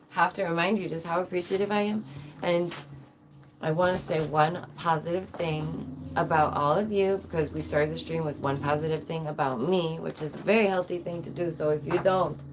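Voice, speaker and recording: A woman's voice: low voice, slight background noise. Giggly chatty woman streamer. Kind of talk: casual livestream chat.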